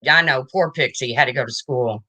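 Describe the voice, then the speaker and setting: A woman's voice: very deep voice, fairly quick, pushed and bright. A woman hosting a casual livestream, chatting and answering viewer comments as they come in. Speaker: livestream host.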